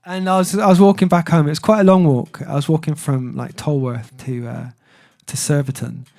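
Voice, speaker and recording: A man's voice: a little high, fairly even intonation, fairly quick, vocal fry, warm tone. A man chatting casually on his music livestream, rambling and self-deprecating, with lots of fillers. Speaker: singer-songwriter streamer.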